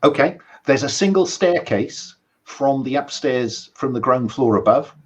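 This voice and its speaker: A man's voice: medium pitch, animated, a little slow, breathy edge. A man running a tabletop horror game as game master, talking with many ums and restarts.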